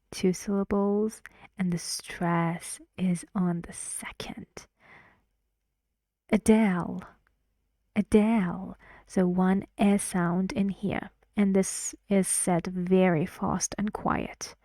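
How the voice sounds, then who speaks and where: A woman teaches English pronunciation at a very slow, careful pace. Her voice is mellow and soft-edged, and she repeats each word clearly for her learners. The sound is dry and close. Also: medium pitch, dry recording. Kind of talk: slow pronunciation lesson with drills.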